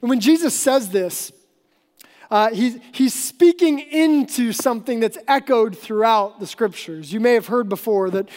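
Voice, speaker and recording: A woman's voice: a little high, animated, a little mellow. Woman preaching in a reverberant hall. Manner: earnest, explanatory preaching with emphatic slowdowns. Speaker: pastor. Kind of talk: sermon.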